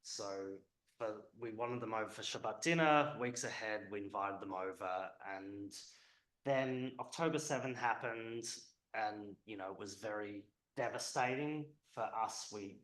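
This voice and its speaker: A man's voice: lowish voice, measured pace, fairly bright tone, echoey room, poor audio. A man speaking at a public event as a historian, conversational and hesitant with frequent ums.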